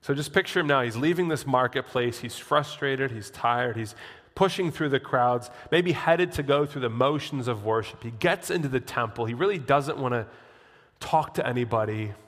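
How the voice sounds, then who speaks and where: A pastor preaches a sermon in a medium-pitched voice at a moderate pace, with a big-room sound. He's an animated storyteller, acting out the inner voices of what people think to themselves.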